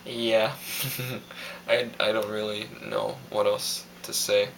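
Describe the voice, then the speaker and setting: A man's voice: lowish voice, level tone, slow pace, creaky, a bit bright, slight background noise, rough recording. A young man from Hawaii recording a casual video diary, rambling and hesitant with lots of fillers. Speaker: vlogger.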